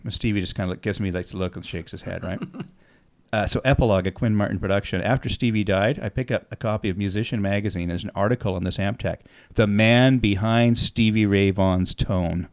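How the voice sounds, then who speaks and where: A man's voice: on the low side, fast. A middle-aged man casually telling stories on his podcast, acting out the dialogue and swearing freely. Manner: animated, acts out quoted dialogue, swears freely. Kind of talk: casual storytelling.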